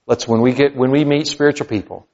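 A male pastor preaching a sermon, swinging from loud, high exclamations to low, quiet emphasis. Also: fairly even intonation, quick pace. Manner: preaching with big swings in pitch and loudness, rising to near shouts then dropping low. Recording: dull sound with long hall reverb.

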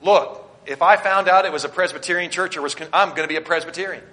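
A Baptist pastor preaching a sermon, swinging between loud declarations and quiet asides as he speaks straight to his congregation and points them to their notes. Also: on the high side, quick pace. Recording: long hall reverb.

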